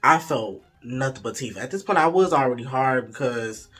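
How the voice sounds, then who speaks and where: A man's voice: medium pitch, lively intonation, normal speed, a bit bright, breathy edge, soft background music. A young man telling a frank, profane, playful story in a casual way, slipping into the voices of the people in it. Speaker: vlogger.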